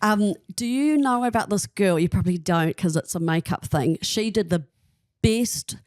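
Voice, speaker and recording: A woman's voice: medium pitch, moderate pace, darkish tone, no echo, studio quality. A young woman, a podcast guest chatting casually and telling gossipy stories. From New Zealand.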